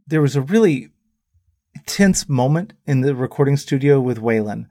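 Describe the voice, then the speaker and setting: A musician appears as a guest on a talk show, telling animated anecdotes in a casual storytelling interview and quoting the voices of the people in them. His voice is medium-pitched at normal speed. The recording is studio quality with no room sound.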